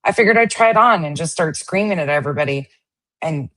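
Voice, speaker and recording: Sarcastic woman with a low voice. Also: lively intonation, fast talker, fairly bright tone. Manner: sarcastic, profane, mocking. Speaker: host. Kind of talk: casual commentary on stream clips.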